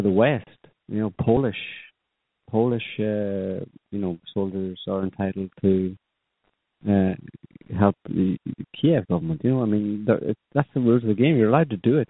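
Deep-voiced man on a phone-like line. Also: no room sound. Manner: opinionated, rambling with many fillers. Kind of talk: political discussion.

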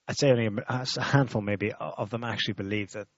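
A man in casual political chat, speaking in a measured, hesitant way with ums and repeats. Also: lowish voice, no room sound, muffled recording.

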